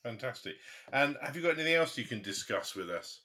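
A man's voice: medium pitch, animated, brisk, sharp tone, husky. A man co-hosting a podcast, laughing easily and teasing his guest. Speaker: podcast co-host. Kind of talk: casual chat.

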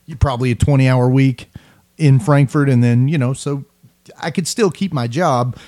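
Mann mit gemildertem Südstaatenakzent, mittleres Alter, zögerlich, viele Füllwörter, trocken. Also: male voice, mid-range voice, moderate pace, mellow, no echo, studio quality. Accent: Southern US, softened. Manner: earnest, hesitant, many fillers. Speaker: podcast co-host. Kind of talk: casual chat.

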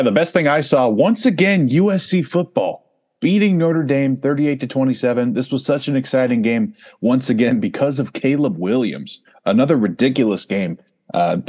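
A man hosting a sports podcast, upbeat and quick to laugh in casual chat. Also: mid-range voice, darkish tone. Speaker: podcast host.

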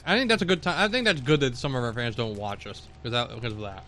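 A man's voice: medium pitch, fast talker, pushed and bright, slight background noise. A man co-hosting a podcast in a studio, rambling in casual banter and laughing between bites. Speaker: podcast co-host.

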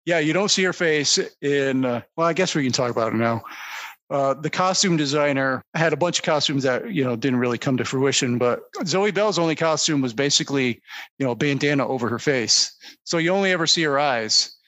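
A man's voice: medium pitch, fairly quick, fairly bright tone, dry recording. A man co-hosting a casual movie podcast, methodically walking through the cast and production notes. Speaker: podcast co-host.

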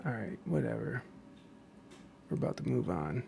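A man's voice: lowish voice, sing-song, normal speed, creaky, background noise. A young man giving rambling, crude and profane casual commentary as a vlogger.

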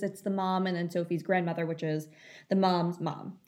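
A woman's voice: lowish voice, steady tone, fairly quick, a little mellow. A young woman telling a long story in casual chat, full of fillers. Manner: chatty storytelling, many fillers.

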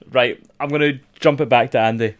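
A man's voice: medium pitch, fairly even intonation, moderate pace. A man hosting a podcast in casual chat, hesitant, restarting and swearing. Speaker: podcast host.

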